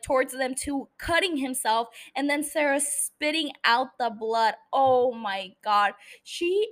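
A woman hosting a casual solo podcast recap, emotional and angry, swearing heavily as she rants. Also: high voice. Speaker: podcast host.

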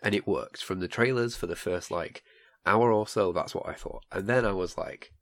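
A man co-hosting a casual film review podcast, calm and laid-back. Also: sits low, normal speed. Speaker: podcast co-host.

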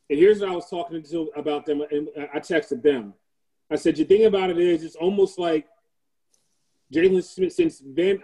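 A man's voice: fairly high pitch, mellow, breathy edge, low-quality recording. A male podcast guest in casual sports chat, explaining his point in a conversational way with filler words.

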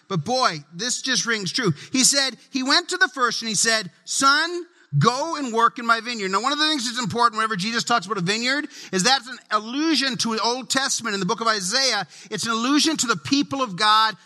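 A man's voice: very high-pitched, fairly quick, few pauses, pushed and bright, in a large hall. A middle-aged man preaching a sermon as pastor, humorous and conversational, acting out little family scenes.

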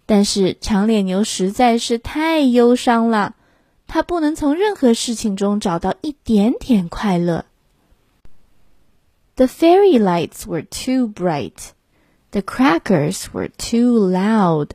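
Woman narrator for a bilingual children's book: unhurried, clear, dry studio sound. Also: on the high side, big pitch swings, warm tone, no room sound. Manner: slow, clear read-aloud. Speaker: storyteller. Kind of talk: bilingual picture-book read-aloud.

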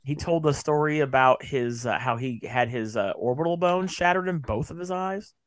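A man's voice: mid-range voice, moderate pace, a crowd in the background. A man in his late thirties hosting a podcast, chatting casually, rambling with lots of fillers and cheerful swearing. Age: late 30s. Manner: rambling, swears freely, many fillers and restarts. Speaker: podcast host. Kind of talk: casual chat.

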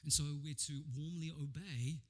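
Husky, animated preacher man. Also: on the high side, moderate pace. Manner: animated storytelling, frequent stammered repeats. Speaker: pastor. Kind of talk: sermon.

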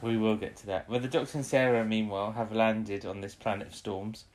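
A man's voice: on the low side, flat delivery, a little fast. A man co-hosting a casual chat about an episode. He laughs often and acts out the characters' lines. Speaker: podcast co-host.

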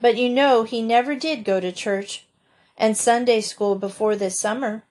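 A gentle, soft-hearted young girl who sighs as she speaks, as a woman reads her. The voice is pitched a little higher and stays soft. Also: moderate pace, close to an everyday voice. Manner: gentle, sighing.

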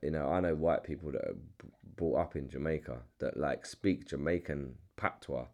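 A man's voice: rumbling low, moderate pace, creaky, a little mellow. A young man with a London English accent hosting a casual chat, restarting sentences, repeating himself and swearing freely. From England. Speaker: podcast host.

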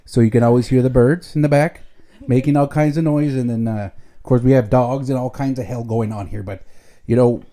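A man's voice: medium pitch, fairly even intonation, brisk, dark tone. A middle-aged man hosting a podcast at home, chatting casually in a rambling, joking way with Spanish slang mixed in. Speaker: podcast host. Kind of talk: casual chat.

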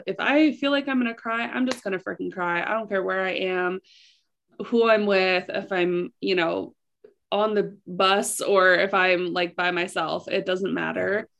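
A woman's voice: medium pitch, unhurried, vocal fry, a bit bright. A woman in casual conversation, speaking candidly with lots of "like" fillers. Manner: candid, filler-heavy, chatty. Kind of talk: casual chat.

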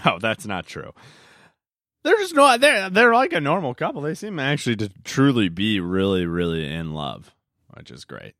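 Young male podcast host, casual rambling chat, lowish voice, dry close-miked sound. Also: very animated, slow, a bit bright, no echo. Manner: rambling, chatty, hesitant with fillers and self-corrections.

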